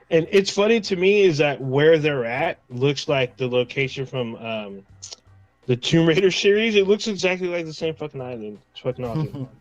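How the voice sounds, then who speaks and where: A man co-hosting a casual livestream chat, rambling along in a relaxed way and acting out his own reactions. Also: fairly high pitch, moderate pace, no echo, muffled recording, faint music behind. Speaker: podcast co-host.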